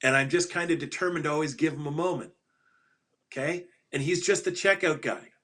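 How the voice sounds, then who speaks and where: A man's voice: on the high side, brisk, a bit bright. A middle-aged man speaking as a guest on an interview show. He tells stories with emphasis, repeats his punchlines, and laughs at his own jokes. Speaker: podcast guest, financial advisor. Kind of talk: animated interview storytelling.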